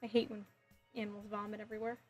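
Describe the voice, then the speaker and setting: A woman's voice: medium pitch, level tone, rapid-fire, a little mellow, breathy edge, faint music behind. A woman live streaming as she builds a model kit, chatting with viewers in a sassy, giggly way. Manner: sassy, playful, giggly, reacts to chat messages.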